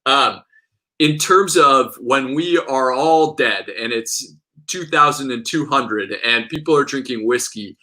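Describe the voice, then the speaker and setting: A man talking casually as a guest in an interview, an enthusiastic storyteller full of quick asides and restarts. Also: medium pitch, sharp tone, low-quality recording. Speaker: whiskey expert guest.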